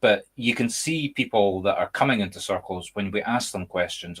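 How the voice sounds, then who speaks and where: A man's voice: fairly low pitch, moderate pace, few pauses. A Scottish man hosting a casual chat over a video call, speaking emphatically and candidly. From Scotland. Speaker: medium and podcast host.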